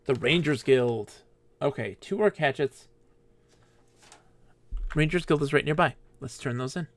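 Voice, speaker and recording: A man's voice: medium pitch, a little slow. A man streaming a game live, chatting with viewers and talking to himself as he plays. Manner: chatty, talks to viewers and himself while playing. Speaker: gaming streamer. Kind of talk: live-streamed gameplay chat.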